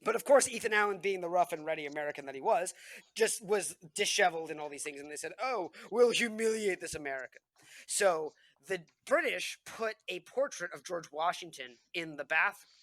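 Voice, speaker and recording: A man's voice: high-pitched, brisk, dry recording. A young man co-hosting a casual history podcast, telling stories in a rambling way, full of fillers and restarts. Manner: rambling, many fillers and restarts, animated storytelling. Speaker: podcast co-host.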